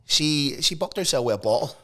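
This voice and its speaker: A man's voice: a little high, expressive, brisk, bright, forceful tone. A young man co-hosting a casual podcast, rambling with restarts and the odd swear. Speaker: podcast co-host.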